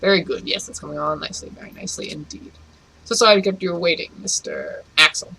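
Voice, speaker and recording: A pleasant, cultured mechanic with a hint of Russian under layers of polish, read by a man. The delivery is brisk and gravelly with a bright, pushed tone. Courtesy stays in every line. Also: fairly high pitch, slight background noise, exaggerated voice, rough recording. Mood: courteous. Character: cultured male mechanic with a buried Russian accent.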